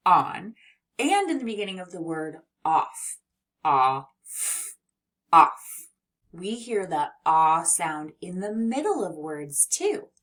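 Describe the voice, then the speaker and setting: A woman teaching a children's phonics lesson, gentle and encouraging, who sounds out and stretches letter sounds. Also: on the low side, far from the mic.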